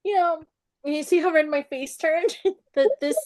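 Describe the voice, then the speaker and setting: A woman author is telling stories as a guest on an interview show, and her voice sits high. She laughs through nearly every line and acts out the people she meets along the way. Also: unhurried, darkish tone. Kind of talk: animated storytelling interview.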